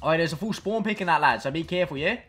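Brief: male actor as a brash teen Aussie gamer, high-pitched, sing-song taunting. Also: lively intonation, racing, a bit bright, faint music behind. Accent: Australian. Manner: brash, slangy, mocking. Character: cocky teenage male Aussie gamer lad. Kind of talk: comedy sketch over game voice chat.

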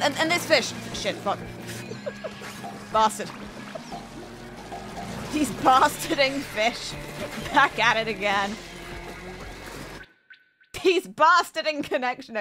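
A woman's voice: a little high, sharp tone, poor audio. Woman, gameplay streamer, playful, giggly, foul-mouthed, game music behind. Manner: playful, giggly, swears often. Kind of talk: casual gameplay commentary.

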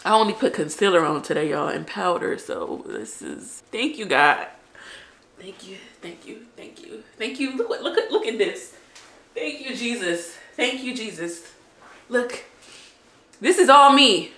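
A woman's voice: mid-range voice, sing-song, measured pace, fairly bright tone. A young woman vlogging to camera, emotional at first and then chatty and upbeat with her viewers. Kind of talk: emotional casual vlog talk to camera. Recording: echoey room.

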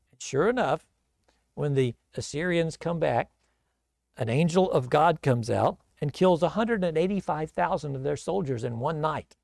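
A gravelly, fairly high-voiced male pastor tells a bible story as a relaxed, chatty sermon. The sound is close and dry. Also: moderate pace, dry recording. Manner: casual, conversational retelling.

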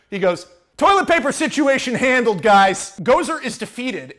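A man casually telling a film pitch as a story, animated and profane, swinging from mutters to shouts. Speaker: channel host, screenwriter.

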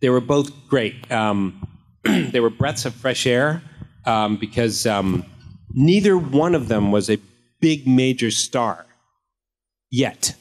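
A man's voice: mid-range voice, expressive, takes it slowly, pauses often. Man in his fifties joking at a fan panel. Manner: joking, rambling anecdotes with comic voices. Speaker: actor answering fan questions. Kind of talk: casual convention panel Q&A. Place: convention panel room.

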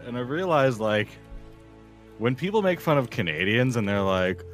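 A man's voice: mid-range voice, very animated, moderate pace. A man in casual gaming-stream chat, telling rambling, giggly stories with small restarts. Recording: game music behind the voice.

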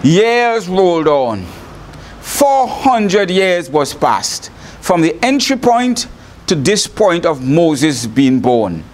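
A man's voice: on the high side, very animated, slow pace. A man with a Trinidad and Tobago accent preaching a broadcast sermon, telling the story animatedly and laughing often. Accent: Trinidad and Tobago English. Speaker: bishop, preacher.

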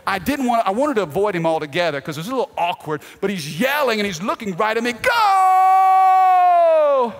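A man preaches from the pulpit, his voice sitting a little higher than most men's. He tells stories with lively, animated energy and now and then shouts out quoted lines. The sound rings with a long reverb from a large church sanctuary. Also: quick pace, hardly any pauses. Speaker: pastor. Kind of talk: sermon.

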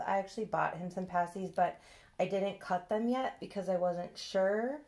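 A woman's voice: fairly low pitch, steady tone, moderate pace, a little mellow. A young adult woman chatting in a casual box-opening vlog, gushing and cooing over a new doll. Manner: gushing, coos and squeals. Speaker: vlogger.

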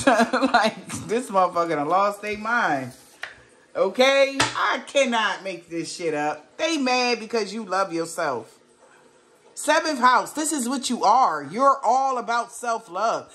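A woman's voice: mid-range voice, lively intonation, takes it slowly, fairly bright tone, a little hiss or hum. A woman giving a casual tarot reading to a viewer, blunt and emphatic, swearing freely and firing off rhetorical questions. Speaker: tarot reader.

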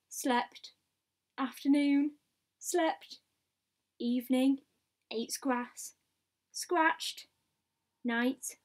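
A woman reads a picture book aloud in a slightly high voice. She takes her time over each short diary entry. She stops now and then for little asides to the listener. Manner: unhurried diary-style reading with asides to the listener. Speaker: storybook reader.

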